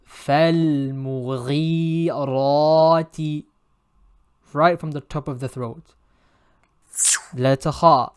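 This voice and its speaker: A man leads a pronunciation lesson as a recitation teacher, speaking in a measured, deliberate way. He stretches out each example sound slowly so it can be heard clearly. When he points out common errors, his tone turns firm and corrective. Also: mid-range voice, no room sound, clean studio sound.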